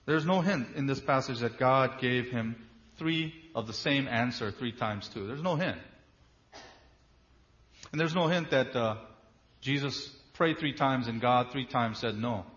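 A man delivers a sermon in a mid-range voice. He stresses key words emphatically, drawing them out slowly, and keeps turning to rhetorical questions. The recording sounds slightly dull and muffled. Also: medium pitch, fairly bright tone. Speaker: preacher.

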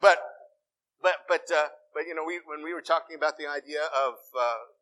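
Middle-aged male pastor, conversational sermon delivery, higher voice with a bright edge. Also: moderate pace, rough recording. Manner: conversational preaching with asides and self-corrections.

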